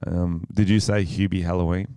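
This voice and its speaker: Australian podcast co-host, low clear voice, crude quick humor. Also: male voice, level tone, dark tone, no room sound, studio quality. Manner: joking, crude, quick banter. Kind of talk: casual comedic chat.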